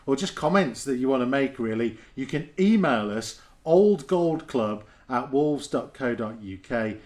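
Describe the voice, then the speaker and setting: A man's voice: medium pitch, expressive, unhurried, darkish tone. A man hosting a podcast in a casual, chatty and joking way. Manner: chatty, joking, self-mocking. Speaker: podcast host.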